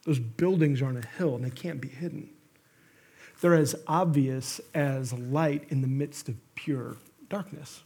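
A male pastor delivers a sermon, his voice high and husky. He tells stories with energy and swings into sudden emphatic bursts. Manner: animated storytelling with emphatic bursts and asides. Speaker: guest pastor.

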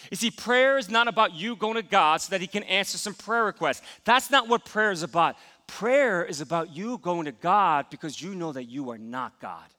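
A man's voice: high voice, expressive, normal speed, hardly any pauses, pushed and bright, big-room sound. A man preaching a sermon as pastor, telling a personal story and acting out his own thoughts.

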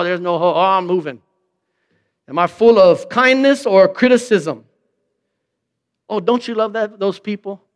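A pastor with a high-sitting, clear, resonant voice preaches a sermon conversationally, asking rhetorical questions and acting out quoted remarks in mock voices.

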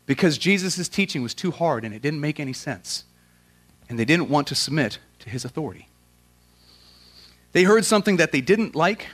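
A man preaching with a slightly high voice, mixing casual slang into his sermon. He swings from loud, emphatic questions down to quiet, earnest prayer. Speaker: pastor.

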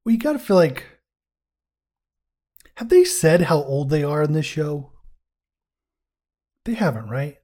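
A man's voice: on the high side, sing-song, unhurried, long pauses, dark tone. Rambling, foul-mouthed male podcast co-host. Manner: swears freely, jokey and rambling. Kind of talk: casual chat, reviewing a TV episode.

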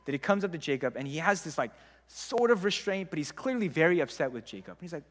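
A man's voice: fairly high pitch, sing-song, quick pace, fairly bright tone. A young man giving a casual, conversational Bible talk with frequent "like" fillers. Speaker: Bible teacher. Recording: long hall reverb.

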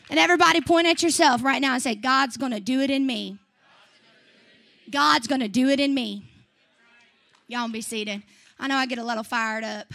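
A young woman preaching a sermon, swinging from fiery shouts to chatty asides. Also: on the high side. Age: young adult.

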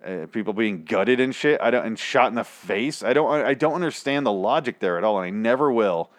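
A man's voice: lowish voice, lively intonation, brisk, no echo, studio quality. A man casually recapping a TV episode on a podcast, rambling and ranting with plenty of swearing.

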